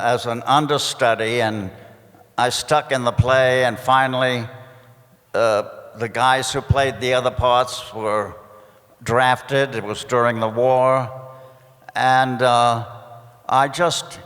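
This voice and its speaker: A man in his nineties from Brooklyn with a precise stage accent picked up from Boston roles, telling a panel anecdote slowly with many pauses. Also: medium pitch, steady tone, a bit bright. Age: 90s. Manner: slow, halting, with many "uh" pauses. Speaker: actor on a convention panel. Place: convention hall panel stage. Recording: long reverb of a big hall.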